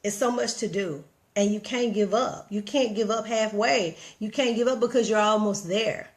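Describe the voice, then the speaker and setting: A woman with a Southern US accent giving casual motivational talk on a livestream, animated and preachy, addressing viewers directly and reading their comments. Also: mid-range voice, normal speed. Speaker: vlogger.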